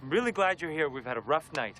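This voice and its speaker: Nervous, apologetic young accountant. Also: male voice, fairly high pitch, very animated, quick pace, a bit bright. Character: uptight polite young accountant. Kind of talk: comedy film scene. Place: city street at night. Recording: street traffic noise.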